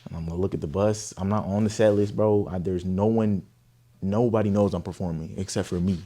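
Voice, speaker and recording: A young man from Oakland, telling a story in an interview, animated, profane and emphatic. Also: deep voice, brisk. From Oakland, California. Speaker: guest artist.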